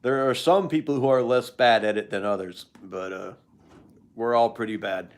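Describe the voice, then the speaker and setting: A man's voice: on the low side, moderate pace. An older man hosting a live stream, chatting casually with viewers in a rambling, joking way.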